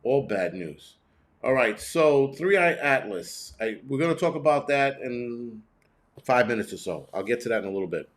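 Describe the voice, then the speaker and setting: Profane, rambling man ranting on a livestream. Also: normal speed. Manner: blunt, profane and rambling, with frequent restarts; animated, jumping between high and low pitch when ranting. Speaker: host of a prepping channel. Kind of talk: casual livestream chat, reacting to viewer comments.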